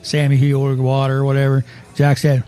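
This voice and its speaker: A man's voice: medium pitch, completely flat delivery, fairly quick, warm tone. A man hosting a casual sports talk show, rambling and chuckling as he tells stories. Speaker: host.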